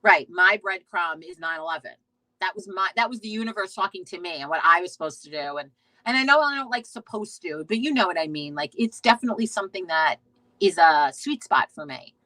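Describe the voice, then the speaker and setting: An American woman hosts a casual witchcraft talk live stream, rambling as she reads viewer comments, swearing freely and restarting sentences. Her fairly low voice is expressive, brisk, pushed and bright. The recording is dry and the audio poor.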